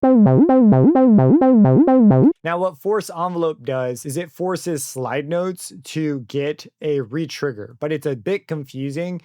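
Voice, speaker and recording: A young man talks through a synth plugin tutorial in a loose, thinking-aloud way, often stopping to correct himself. His voice sits a little on the high side. It is recorded close and dry, with synth music playing faintly underneath. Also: animated, slow pace, long pauses, darkish tone, dry recording. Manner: casual, thinking aloud with fillers and self-corrections. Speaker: plugin reviewer. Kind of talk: screen-recorded software tutorial.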